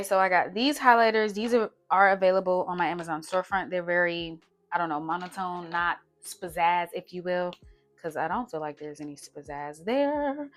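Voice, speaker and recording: A woman's voice: fairly low pitch, a bit bright. A young woman, chatting casually through her budget and talking to herself as she adds up numbers. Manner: chatty, talks to herself while doing math. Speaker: budgeting vlogger.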